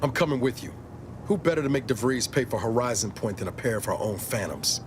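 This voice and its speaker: A man voicing a vengeful male ex-soldier companion in a video game, with steady delivery. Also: medium pitch, brisk, background noise, lightly acted. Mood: determined.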